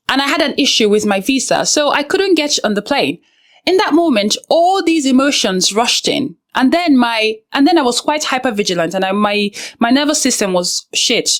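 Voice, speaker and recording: A woman's voice: a little high, fairly bright tone. A young woman hosting a self-help video, giving earnest, direct advice to the viewer with frank personal asides. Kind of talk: direct-to-camera advice talk.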